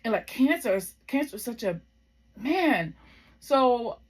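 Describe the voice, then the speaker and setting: A woman's voice: fairly high pitch, big pitch swings, measured pace, slightly rough. A woman in her thirties telling a personal story in a casual vlog. She is heartfelt and reflective, and rambles with many fillers. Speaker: vlogger.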